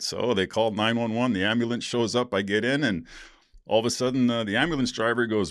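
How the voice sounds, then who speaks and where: A man's voice: mid-range voice, fairly even intonation, brisk, no room sound, clean studio sound. A man hosting a solo podcast, talking candidly in a rambling, casual way and laughing as he tells stories. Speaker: podcast host.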